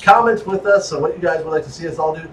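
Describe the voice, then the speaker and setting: A man hosting a casual wrestling podcast, joking and animated. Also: fast, a little hiss or hum. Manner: animated, joking, pitch jumping around. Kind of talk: casual chat. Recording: echoey room, mic at a distance.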